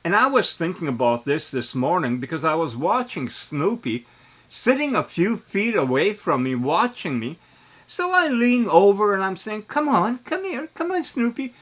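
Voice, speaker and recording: A vlogger in his seventies rambles animatedly through a casual monologue. His fairly high voice jumps up whenever he gets excited.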